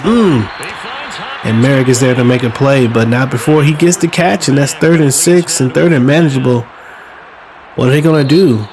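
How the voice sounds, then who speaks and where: A man giving casual, chatty play-by-play of his own football video game, relaxed and self-mocking, now and then bursting out excitedly. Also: mid-range voice, moderate pace. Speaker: podcast host playing a football video game. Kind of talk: casual play-by-play commentary while gaming. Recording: game crowd noise behind the voice. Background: stadium crowd sound from the game.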